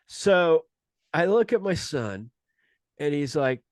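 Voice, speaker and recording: A man spins a loose, animated comic story in a relaxed podcast chat, his voice sitting in an everyday middle range. He keeps tossing in asides and timed pauses. The sound is dry and close, with almost no room around him. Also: mid-range voice, no room sound. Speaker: podcast guest, comedian.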